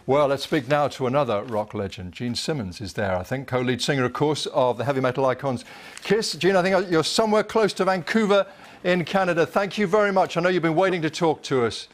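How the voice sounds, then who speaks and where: A male news presenter introducing a story and questioning a guest in a live interview. He speaks in a measured, formal broadcast manner. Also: fairly high pitch.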